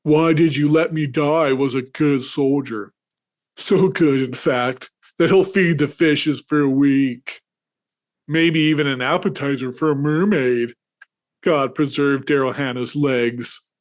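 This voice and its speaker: A man's voice: fairly high pitch, fairly even intonation, measured pace, lightly acted. A man doing a mock-solemn boy soldier.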